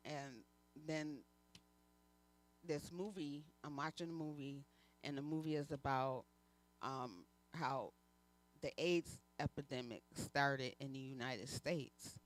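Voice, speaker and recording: A woman minister speaks from the pulpit of a church, giving a personal testimony. Her telling is candid and halting, full of pauses and fillers as she works through her story. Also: low-pitched. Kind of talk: personal testimony within a sermon.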